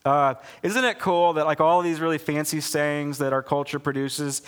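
Casual male pastor, storytelling sermon, slightly high voice, long hall reverb. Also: normal speed, few pauses, smooth. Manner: casual, animated, full of fillers.

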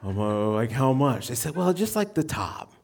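A man's voice: mid-range voice, sing-song, normal speed, a little mellow, slight background noise. A middle-aged male pastor preaching a sermon, telling a self-deprecating personal story and acting out the people he quotes. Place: church.

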